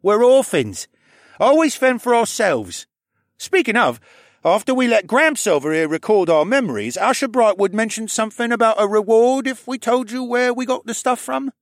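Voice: a cocky orphan boy thief in a storybook reading. The pitch is pushed way up and leaps around as he brags and snaps. Dry, close sound. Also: animated, dry recording. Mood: brash. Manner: cocky, quick to snap. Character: boy thief, brash and boastful. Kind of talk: audiobook character voice.

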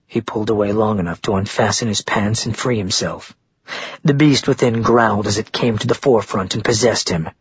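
Husky low male audiobook narrator. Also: no room sound, dull audio. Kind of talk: scripted narration of a romance novel.

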